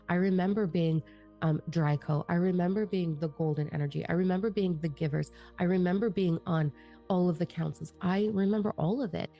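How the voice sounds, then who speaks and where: A woman's voice: on the low side, vocal fry, dull audio. A middle-aged woman, a spiritual teacher and channeler, talking in a blunt, profane, fired-up monologue.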